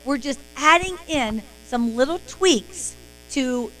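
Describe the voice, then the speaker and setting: A woman's voice: sits high, animated, takes it slowly, fairly bright tone, a little hiss or hum, low-quality recording. A woman hosting a live-stream sales training, talking in an emphatic, motivational way.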